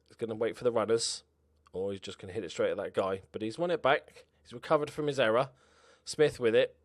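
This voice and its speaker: A man's voice: mid-range voice, no echo, clean studio sound. Chatty man commentating a football game. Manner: chatty, reacts loudly to match events, laughs at own jokes. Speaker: gaming YouTuber.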